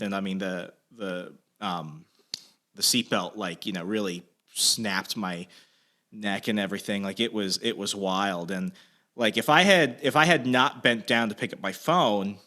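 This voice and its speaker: Bright young guy telling a story, swears a lot, acts out the yelling. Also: on the low side. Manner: animated storyteller, swearing, acts out shouted quotes. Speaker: podcast co-host telling a story. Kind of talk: casual storytelling chat.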